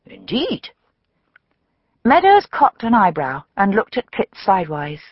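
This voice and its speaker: A woman narrating a mystery novel for an audiobook with measured storytelling. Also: mid-range voice, wildly swooping pitch, husky, dry recording, highs cut off.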